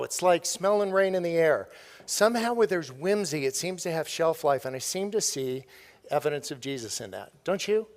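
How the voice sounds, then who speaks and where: A middle-aged man delivers a storytelling keynote from a stage, playful and quick to laugh at his own jokes. His voice sits fairly high for a man. The sound carries a long reverberant tail from the large hall. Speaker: keynote speaker.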